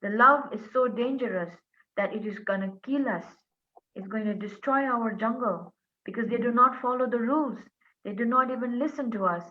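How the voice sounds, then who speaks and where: A woman's voice: fairly high pitch, moderate pace, lightly acted. A woman voicing a resentful, scheming jungle. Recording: tinny phone-like line.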